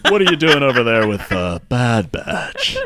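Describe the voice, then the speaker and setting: A man putting on the voice of a big, oafy male alien, talking slow and loud as an impression. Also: medium pitch, big pitch swings, background noise, pitched above the performer's own voice, close to an everyday voice. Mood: joking impression.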